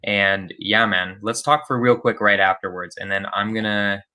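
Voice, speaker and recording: A young man hosting a podcast interview, upbeat and energetic, often tagging his points with "right?". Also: on the low side, normal speed. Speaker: podcast host. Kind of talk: casual interview chat.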